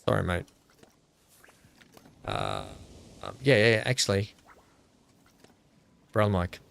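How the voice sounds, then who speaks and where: A man's voice: low voice, wildly swooping pitch, slow, gravelly, fairly bright tone. A man streaming a park-building game, chatting casually with viewers, thinking aloud with lots of fillers and poking fun at himself. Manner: rambling, self-mocking, thinks aloud with many fillers.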